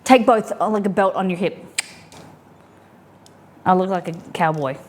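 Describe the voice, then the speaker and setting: Cooking live from her home kitchen, a young adult woman chats casually at a moderate pace in a lowish, slightly mellow voice. She's playful and rambling, with giggly asides.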